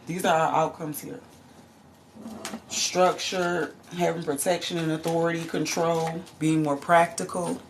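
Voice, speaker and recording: A woman with a deep, gravelly voice gives a casual tarot reading straight to her viewers. She swears freely and keeps breaking into laughs and loud exclamations. A faint hiss sits under the recording. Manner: profane, laughs and exclaims often. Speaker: tarot reader.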